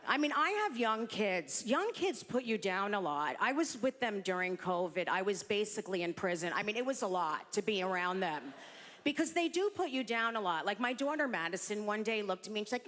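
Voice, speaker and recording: A woman's voice: mid-range voice, lively intonation, normal speed, a bit bright, in a large hall, slight background noise. A woman doing a brash, self-deprecating stand-up set on a comedy stage into a handheld mic.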